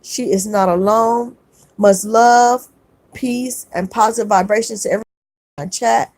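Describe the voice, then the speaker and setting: A woman hosting a livestream, reading chat comments aloud and gently consoling viewers, often repeating her words. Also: on the high side, steady tone, a little slow, no echo. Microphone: phone.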